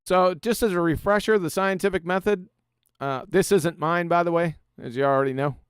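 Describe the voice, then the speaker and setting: A man hosts a live stream, lecturing over slides in a combative, mocking tone. His voice sits high and comes through smooth and clear. He is recorded close on a dry mic with no room sound. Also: steady tone, brisk, dry recording. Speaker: host presenting a slideshow.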